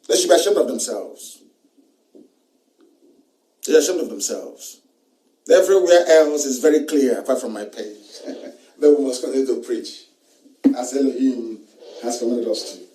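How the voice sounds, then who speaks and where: A man's voice: fairly high pitch, darkish tone. A man with a Nigerian accent giving a live broadcast monologue, repeating his phrases emphatically and chuckling between lines. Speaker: political broadcaster. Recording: roomy sound, mic from a distance.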